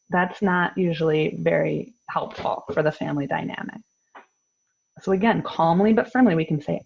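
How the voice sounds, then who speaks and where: A woman in her thirties presenting a parenting workshop on a video call, explaining in a calm, firm way. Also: lowish voice, brisk, gravelly, husky. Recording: dull lo-fi video call audio.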